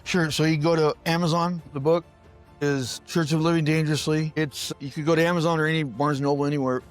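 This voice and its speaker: A man's voice: fairly high pitch, steady tone, fast talker, soft background music. A man who was once a pastor tells stories in an interview with an emphatic preaching cadence and repeats phrases for effect. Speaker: guest, former pastor. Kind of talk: storytelling interview talk.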